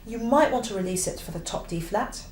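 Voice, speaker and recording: A woman teaching the oboe, talking through a piece with clear, emphatic explanations and the odd sung phrase. Her voice carries in a roomy space with a faint hiss behind it. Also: a little high, expressive, a little fast, darkish tone. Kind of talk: instructional explanation.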